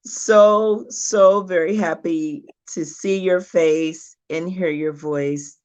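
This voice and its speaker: A woman's voice: on the low side, fairly even intonation, slow pace, darkish tone, clear, resonant tone. A woman guest talking in an effusive, grateful way during a casual chat. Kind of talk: casual video-call chat. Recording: muffled lo-fi call audio.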